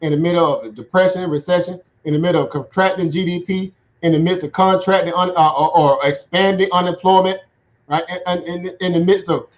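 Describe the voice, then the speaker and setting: Chatty man talking markets, slightly high voice. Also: fairly even intonation, a little fast. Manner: chatty, laughs often, keeps asking "right?". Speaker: market commentator. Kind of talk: casual livestream market commentary. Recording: dull lo-fi sound.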